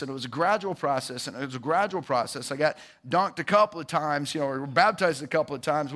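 A man, giving a casual, lively testimony to a church congregation and calling out to the crowd. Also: fairly high pitch. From Georgia, US. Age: 40s.

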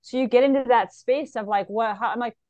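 A woman, a psychic medium, talking in an interview, animated and slipping into the voices of the people she describes. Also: fairly high pitch, brisk, no echo, dull audio. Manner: animated, acts out clients' voices in quotes. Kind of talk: conversational interview talk.

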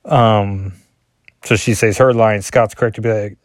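A man's voice: on the low side, steady tone, measured pace, no room sound, clean studio sound. A man chatting through a comic issue page by page, filling the talk with "like" and self-deprecating asides. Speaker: comic book vlogger. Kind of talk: casual comic reading and commentary.

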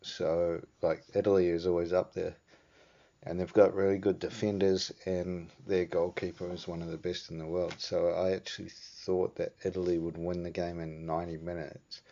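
A man's voice: sits low, level tone, moderate pace, gravelly, dark tone. A man with a New Zealand accent hosting a vlog, rambling in a laid-back, casual way and swearing offhandedly. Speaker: vlog host. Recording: dull lo-fi sound.

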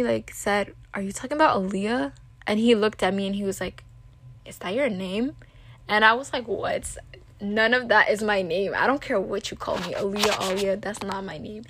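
Talking to the camera, a teenage girl tells a meandering personal story in a chatty way, constantly saying "like" and "literally." Her voice is mid-range, and the recording has no echo.

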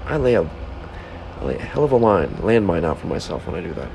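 A man's voice: low-pitched, big pitch swings, fairly quick, creaky, a little mellow, poor audio. A man hosting a solo podcast at home, rambling to himself in a self-interrupting monologue, heckling himself as he goes. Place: home room with a fan. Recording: background fan hum.

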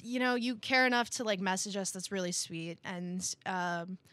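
A woman's voice: mid-range voice, normal speed, fairly bright tone. A young woman co-hosting a podcast in casual chat, laid-back and blunt, swearing freely. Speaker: podcast co-host.

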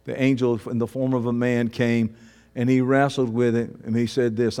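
A male pastor preaching a sermon, swinging between fervent shouts and low, hushed emphasis. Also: moderate pace. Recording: long reverb of a large hall.

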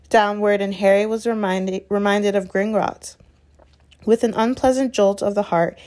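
Woman, audiobook narration, steady, unhurried, mid pitch, small self-corrections. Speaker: reader. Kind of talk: reading a novel aloud.

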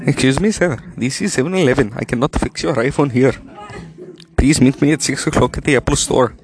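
A man's voice: mid-range voice, fairly quick, crowd noise, lightly acted. A man voicing a fussy, impatient male shop clerk in stilted broken English.

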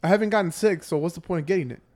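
A man's voice: high voice, very fast, darkish tone. A man in casual chat with friends, rambling in a laid-back way and laughing often. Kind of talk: casual banter.

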